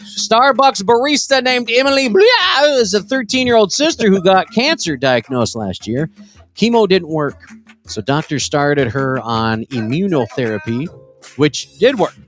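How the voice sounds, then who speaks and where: A man's voice: high-pitched, expressive, a little slow, fairly bright tone, soft background music. A man co-hosting a casual comedy podcast, joking crudely and laughing often as he runs through news stories. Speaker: podcast co-host.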